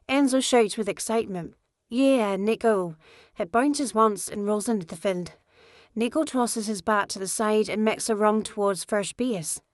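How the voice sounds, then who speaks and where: A woman reading a first-person novel as an audiobook narrator, steady in her storytelling. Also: medium pitch, no echo, clean studio sound.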